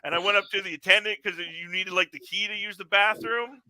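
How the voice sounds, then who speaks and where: Bright, dry-voiced Canadian man hosting. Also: high voice, fairly even intonation, fairly quick, no room sound, rough recording. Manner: profane, laughs often, rambling storyteller. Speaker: podcast host. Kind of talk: casual podcast chat.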